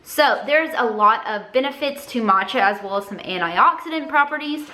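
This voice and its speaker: A woman's voice: on the high side, animated, normal speed, sharp tone. A young woman with a regional accent giving a chatty, upbeat recipe demonstration, with self-deprecating asides. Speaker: cooking vlogger.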